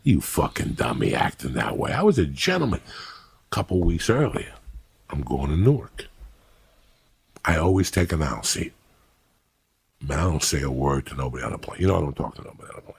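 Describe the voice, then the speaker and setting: This middle-aged podcast storyteller has a very deep, gravelly, slightly rough voice, talking a little fast with frequent pauses. He tells blunt, profane stories in casual chat, animatedly acting out his own quotes. The recording is dry, with no echo.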